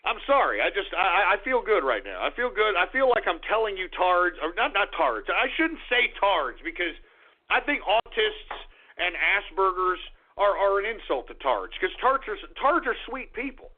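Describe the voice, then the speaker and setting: A male radio host delivering an abrasive, insulting, shouting rant on his talk show. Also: high-pitched, very animated, moderate pace. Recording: tinny phone-line sound.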